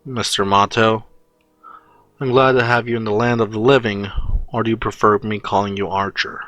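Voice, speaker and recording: A man voicing a stern, weary male teacher in a fan story reading, low and matter-of-fact. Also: little pitch movement, moderate pace, fairly bright tone, dry recording, natural voice.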